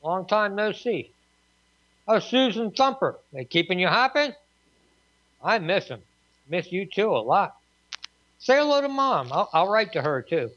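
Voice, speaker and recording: A man's voice: high voice, sing-song, unhurried, pauses often, fairly bright tone, no room sound, voice pushed up, full character voice. A man voicing a young male soldier writing home to his sister, in a raised, lilting letter-reading voice. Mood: homesick. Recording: dull, dry lo-fi recording.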